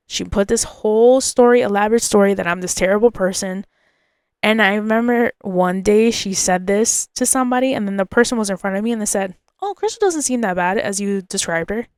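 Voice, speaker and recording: A woman's voice: mid-range voice, clear, resonant tone, no room sound, clean studio sound. A woman hosting a podcast, telling a personal story in an emotional, confiding way and often repeating herself. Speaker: podcast host.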